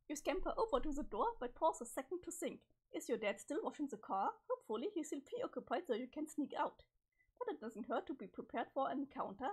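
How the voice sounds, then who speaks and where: Young woman reading a webcomic aloud on stream; high, highly animated voice.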